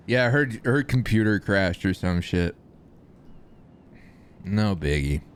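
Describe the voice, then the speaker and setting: A man's voice: fairly low pitch, sing-song, extremely slow, clean tone. A man streaming a police roleplay, chatting casually, laughing often and swearing. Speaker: streamer playing a police chief.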